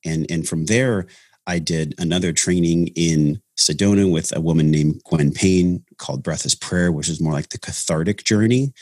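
A man's voice: low-pitched, normal speed, a little mellow, no room sound, studio quality. A man talking earnestly about his path into breath work in a casual podcast conversation, with many restarts. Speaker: breathwork facilitator, podcast guest.

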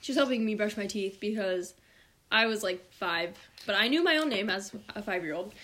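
A woman's voice: mid-range voice, expressive, normal speed, pushed and bright. A young woman co-hosting a casual podcast, telling stories in a giggly, chatty way. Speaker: podcast co-host. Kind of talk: casual chat.

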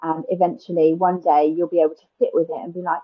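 Low, husky-voiced woman. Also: little pitch movement, quick pace, muffled recording. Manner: chatty, frequent "like" and "um" fillers. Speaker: guest, wedding planner. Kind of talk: casual podcast interview.

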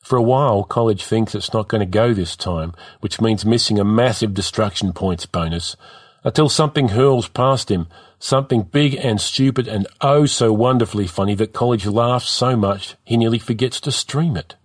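A man's voice: on the low side, moderate pace, no room sound, clean studio sound. A man narrating a story in a vivid, rhythmic reading.

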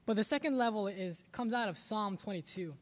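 A man's voice: high-pitched, animated, brisk. A man preaching a sermon as a pastor, earnest and often repeating words as he searches for the next thought.

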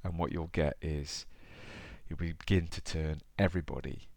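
A man talking straight to his podcast listener in a chatty, easygoing way. His voice sits very low and is rough with fry. The sound is dry and close. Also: steady tone, moderate pace, a little mellow, dry recording. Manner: chatty, conversational, addresses the listener directly. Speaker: podcast host. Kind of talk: motivational podcast talk with storybook reading.

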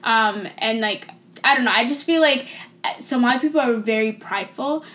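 A woman's voice: on the high side, moderate pace, fairly bright tone. A young woman from the United States sharing her views thoughtfully in a casual group chat. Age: young adult. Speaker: discussion participant.

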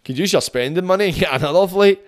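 A man with a Glaswegian accent hosting a podcast, rambling through a sweary comic monologue and mimicking people in quick asides. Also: sits high. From Scotland. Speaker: podcast host.

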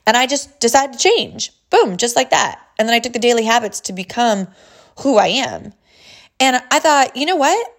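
A woman's voice: fairly high pitch, animated, moderate pace. A woman in her thirties, a life coach, telling a family story in a motivational talk with energy and frequent laughter.

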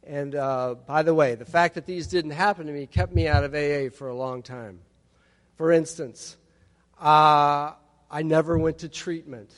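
A man's voice: on the high side, unhurried. Wry storytelling man in a big hall. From Texas. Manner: wry storytelling with humorous asides. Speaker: recovery meeting speaker. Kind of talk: personal testimony talk. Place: large hall at a conference. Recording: long hall reverb.

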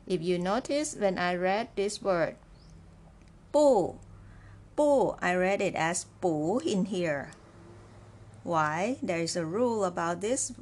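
A woman teaching a beginner language lesson, speaking slowly and patiently, repeating words and checking in with "right?". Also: lowish voice. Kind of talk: slow, clear classroom lesson.

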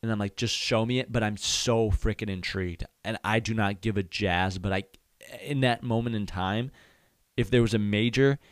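A young man hosts his own show in a loose, comedic ramble, getting hyped and dodging swear words with goofy stand-ins. His voice sits on the low side. The recording is close and dry, with no room sound. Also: no room sound. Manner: hyped, rambling, self-censoring with silly substitutes. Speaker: podcast host. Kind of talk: casual comedic monologue.

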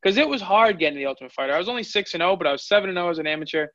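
A man's voice: high voice, lively intonation, racing, pushed and bright, no echo. A man in his twenties, a fighter, telling his story candidly in an interview. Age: 20s. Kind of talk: interview answers. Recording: dull lo-fi audio.

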